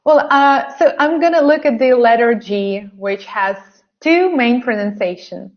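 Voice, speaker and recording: A woman teaching English pronunciation in an online lesson. She speaks slowly and exaggerates each sound so learners can repeat after her. The audio is a bit dull and lo-fi, like a computer mic on a webinar. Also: on the high side, lively intonation. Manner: slow, carefully exaggerated pronunciation drills.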